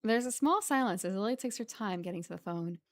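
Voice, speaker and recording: A woman's voice: mid-range voice, lively intonation, fairly quick. A woman streamer reading a visual novel aloud and commenting between lines in a casual way.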